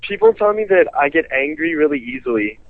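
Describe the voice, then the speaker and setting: A man's voice: a little high, animated, fairly quick, no echo. Hesitant teenage boy on a phone-in line. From Colorado. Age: teens. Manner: hesitant, lots of "like" and "um". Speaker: caller. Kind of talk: phone-in conversation. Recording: dull, dry phone-in line.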